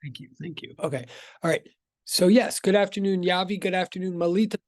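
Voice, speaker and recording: A man's voice: sits high, a little fast, dry recording. A man teaching a physics class over a video call, greeting students one by one in a rambling, self-interrupting way. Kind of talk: casual online class intro.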